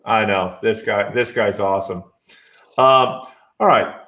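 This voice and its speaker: A man's voice: fairly low pitch, a little slow, fairly bright tone. A man in his sixties hosting a casual podcast interview, asking questions and ribbing his guest with blunt humor. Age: 60s. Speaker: podcast host.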